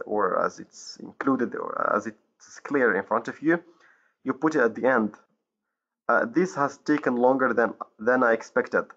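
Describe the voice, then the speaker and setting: A man from Morocco teaching an English grammar lesson, pausing often with fillers and correcting himself, in a dull lo-fi recording. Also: mid-range voice, fairly bright tone. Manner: hesitant, many fillers and self-corrections.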